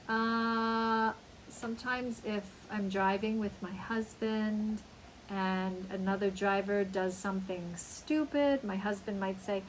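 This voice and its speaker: A woman teaching an English lesson, speaking slowly and acting out example phrases with big, dramatic exclamations. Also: mid-range voice, slight background noise, poor audio. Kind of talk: slow, emphatic English lesson.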